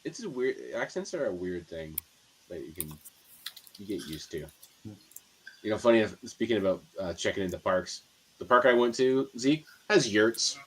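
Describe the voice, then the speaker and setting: A man from Canada with a relaxed, dryly humorous manner in casual podcast conversation. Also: lowish voice, normal speed, slight background noise. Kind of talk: casual chat.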